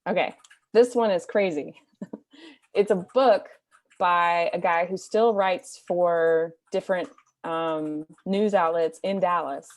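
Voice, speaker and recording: Woman artist as podcast guest, measured and thoughtful, somewhat low-pitched. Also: steady tone. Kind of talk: casual conversation.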